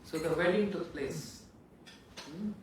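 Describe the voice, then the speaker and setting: A man's voice: a little high, slow. A male monk animatedly telling a devotional story, acting out the scenes. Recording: echoey room, far from mic, faint noise.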